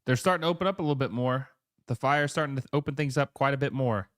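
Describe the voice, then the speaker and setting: A man hosting a live football watch-along, calling the play with quick excited bursts and chatting with his viewers between moments. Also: medium pitch, dry recording, clean studio sound. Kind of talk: live match commentary and chat reading.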